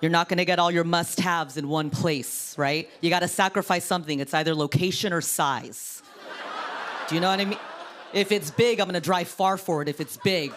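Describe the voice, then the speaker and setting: A woman in her thirties from Orange County doing stand-up on a TV studio stage, with a deep, sultry voice and deadpan, self-mocking delivery. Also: normal speed, background noise. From Orange County, California. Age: 30s. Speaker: comedian. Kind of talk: stand-up comedy. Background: studio audience laughter.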